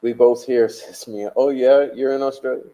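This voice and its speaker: A man's voice: medium pitch, steady tone, moderate pace, warm tone, low-quality recording. A man hosting a casual livestream, rambling and swearing emphatically as he chats and answers viewer comments. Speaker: livestream host.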